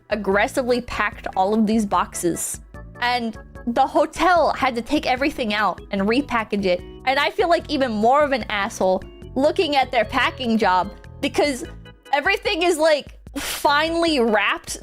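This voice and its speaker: High-voiced woman telling a story on stream. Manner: animated, swears a lot, bursts into loud shouting and laughter.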